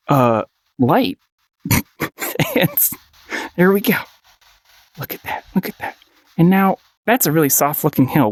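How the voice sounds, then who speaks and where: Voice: mid-range voice, creaky, no room sound. A painting instructor giving a casual paint-along tutorial, playful and encouraging, often giggling and repeating short phrases.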